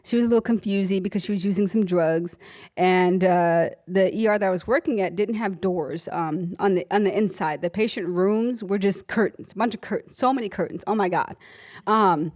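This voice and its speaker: A woman's voice: medium pitch, moderate pace. A young adult woman, an emergency room nurse and author, telling stories from her work in a conversational talk, acting out the people in them. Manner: animated storytelling, voices her patients, laughs often.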